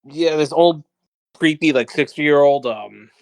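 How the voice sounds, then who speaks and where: A man's voice: a little high, measured pace. A man co-hosting a podcast, telling anecdotes with lots of hesitation and fillers in crude casual chat. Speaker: podcast co-host.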